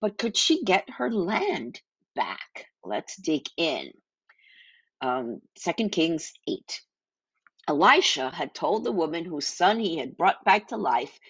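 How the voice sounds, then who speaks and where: A woman's voice: lowish voice, very animated, slow, a bit bright, husky, no room sound, lo-fi sound. A woman reading and teaching a Bible passage in an earnest devotional style. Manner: earnest, reads scripture aloud with small slips.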